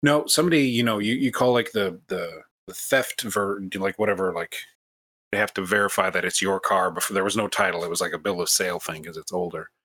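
A man's voice: sits low, fairly even intonation, a little fast, pushed and bright. A man from the United States hosting a podcast, telling a long, self-mocking story in a casual way with many restarts. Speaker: podcast host.

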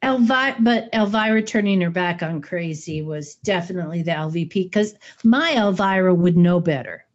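A woman's voice: lowish voice, moderate pace, hardly any pauses. A woman co-hosting a casual film-discussion chat, taking her time and laughing often. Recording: dull lo-fi recording.

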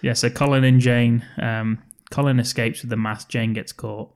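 A man's voice: medium pitch, fairly even intonation, moderate pace. Picture a man in mid-register chatting on a comedy podcast. He recaps a film plot in loose banter, swearing casually and cracking jokes as he goes. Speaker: podcast co-host.

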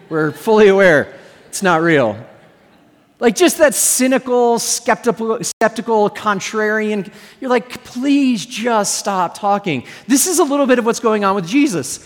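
A man's voice: high-pitched, fairly bright tone. A man preaching a sermon as pastor, telling a story with humorous asides to his congregation. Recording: long hall reverb.

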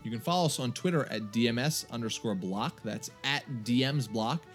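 A man co-hosting a tabletop gaming podcast in casual chat, talkative and quick to laugh at himself. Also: medium pitch, faint music behind. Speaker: podcast co-host.

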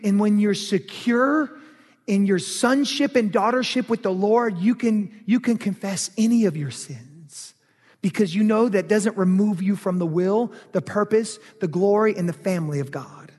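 A male pastor preaching a sermon, telling a personal story with lively, animated delivery that turns heated and loud in places. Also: high voice, normal speed, long reverb tail.

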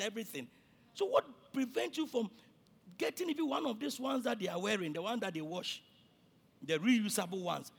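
A male pastor with a Ghanaian accent, preaching a sermon that swings between shouting and quiet, and he repeats himself often. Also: sits high, creaky, breathy edge.

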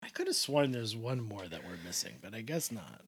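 Animated man recapping a show. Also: fairly low pitch, husky. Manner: animated, jokey, quick asides. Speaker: podcast co-host. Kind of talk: casual recap chat.

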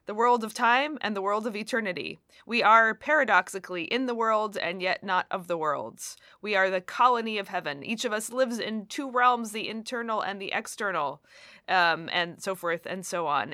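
A woman theologian, talking in a measured, reflective way in an academic podcast discussion. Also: mid-range voice, pushed and bright, no echo, studio quality. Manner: measured, reflective, some hesitations.

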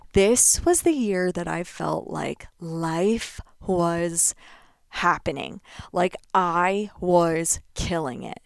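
A woman's voice: on the low side, slow, gravelly, dry recording, clean studio sound. A young American woman hosting a casual solo podcast, talking in a gushing, effusive way and repeating words for emphasis. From United States. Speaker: podcast host. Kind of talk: casual solo podcast, reading her old journal aloud.

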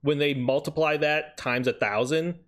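A man's voice: a little high, steady tone, moderate pace, fairly bright tone. A man chatting casually on a podcast, rambling with lots of fillers and casual swearing. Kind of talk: casual chat.

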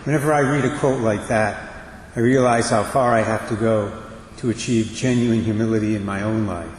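A man preaching a homily as a priest, measured and deliberate, pausing between phrases and reading a litany prayer slowly. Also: fairly low pitch, steady tone, a little hiss or hum. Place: church. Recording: echoey church with long reverb.

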